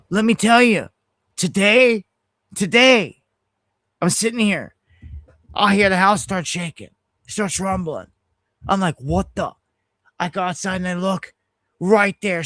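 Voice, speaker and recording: A middle-aged man hosts his own live news stream, telling stories in an animated, agitated rush that keeps restarting mid-sentence. His voice sits a little high for a man. The sound is dry and close, with no room echo. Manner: animated storytelling, heated and ranting, with frequent restarts. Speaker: host of an independent news livestream. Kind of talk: casual livestream monologue.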